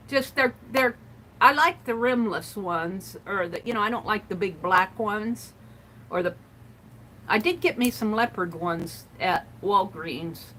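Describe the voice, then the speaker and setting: A woman's voice: mid-range voice, expressive, slow, pushed and bright, slight background noise, poor audio. A middle-aged woman chatting casually and rambling as she shows her crafts and reads out viewer comments on a livestream. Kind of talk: casual chat while crafting.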